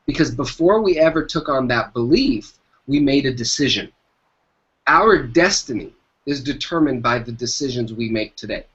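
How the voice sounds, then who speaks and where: An entrepreneur guest speaks in an expressive mid-range voice, a bit bright, at a moderate pace. He emphatically shares motivational business advice in the interview, repeating his key phrases, and the recording has a dull lo-fi quality.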